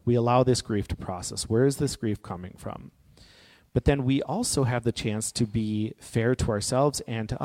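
Earnest guy talking through stuff personally, normal pitch, big reverby hall sound. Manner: earnest, personal, gently encouraging. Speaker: speaker on grief and healing. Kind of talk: reflective spoken talk.

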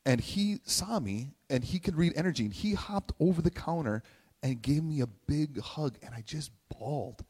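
A man's voice: fairly high pitch, lively intonation, moderate pace, darkish tone, breathy edge. A man preaching a conversational sermon, emotional and close to tears at times, who keeps asking "right?". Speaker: pastor. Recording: long hall reverb.

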